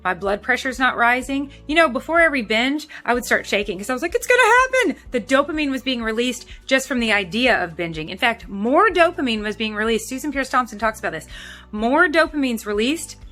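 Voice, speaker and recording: Woman vlogger, casual to-camera talk, bright tone, rambling restarts, soft music underneath. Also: on the high side, lively intonation, brisk. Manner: chatty, rambling, with frequent restarts and fillers. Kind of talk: casual talking-head vlog.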